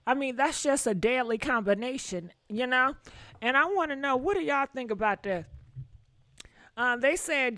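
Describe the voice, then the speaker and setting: A woman's voice: sits high, dry recording, studio quality. A woman hosting a live gossip show, exclaiming and talking straight to her viewers. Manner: animated, exclamatory, talks to chat directly.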